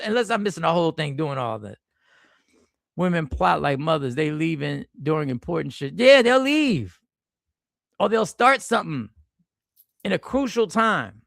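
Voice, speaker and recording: A man hosting a casual livestream from an airport, greeting the chat by name and reacting to their comments in a lively, slangy way. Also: high-pitched, normal speed, vocal fry, dry recording, clean studio sound. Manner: animated, slangy, reacts to chat with sudden exclamations. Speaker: livestream host.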